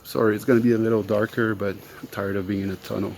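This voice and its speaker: A man hosting a solo podcast, explaining ideas slowly and reflectively, step by step. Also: on the low side, level tone, vocal fry, darkish tone, slight background noise. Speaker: podcast host.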